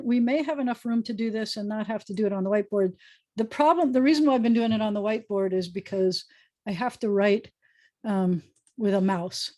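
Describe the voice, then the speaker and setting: A woman's voice: mid-range voice, darkish tone. Woman rabbi, online class teacher, patient and explanatory, sounds out syllables, video-call audio.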